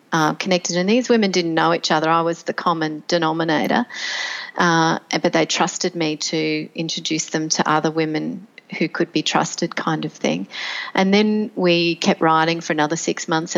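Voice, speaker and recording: A woman's voice: deep voice, creaky, lo-fi sound. Reflective middle-aged woman podcast guest. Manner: reflective, warm-hearted, many fillers and restarts. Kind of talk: conversational interview storytelling.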